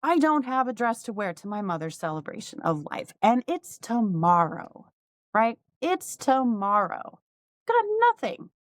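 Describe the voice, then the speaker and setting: A woman's voice: mid-range voice, big pitch swings, measured pace, dry recording. A middle-aged woman, a podcast host and life coach, telling a personal story candidly and with feeling, with frequent asides.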